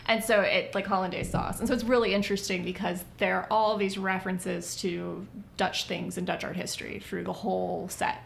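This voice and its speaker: A woman's voice: on the low side, flat delivery, a little fast, creaky, slight background noise. A woman guest on a podcast, an art historian explaining details of a film in casual conversation.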